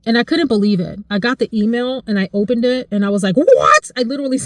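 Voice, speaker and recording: A woman in her forties chatting casually to camera about her life, expressive and emotional, her voice jumping high when she gets excited. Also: quick pace, dry recording, clean studio sound. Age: 40s. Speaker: vlogger.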